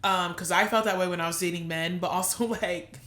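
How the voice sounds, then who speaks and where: Bright-voiced candid young woman podcaster. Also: fairly low pitch, fairly even intonation, a little fast, roomy sound. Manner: emotional, swears freely, laughs through tears. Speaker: podcast co-host. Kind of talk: candid casual chat.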